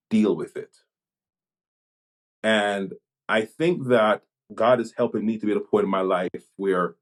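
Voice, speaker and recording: A Jamaica-born man, a pastor and police chaplain, talking things through in a podcast conversation, pausing and restarting his sentences as he thinks. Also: lowish voice. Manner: reflective, halting, many restarts.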